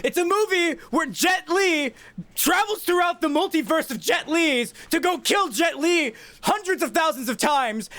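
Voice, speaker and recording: A man co-hosting a podcast in casual comedic chat, rambling loudly, swearing and shouting through absurd bits. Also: extremely high pitch, no room sound. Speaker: podcast co-host.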